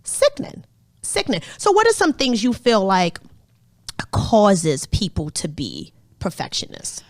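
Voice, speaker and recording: A woman's voice: medium pitch, wildly swooping pitch, a little slow, dry recording, studio quality. A woman in her thirties, a therapist co-hosting a podcast, talking candidly and animatedly with some swearing. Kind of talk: casual podcast conversation.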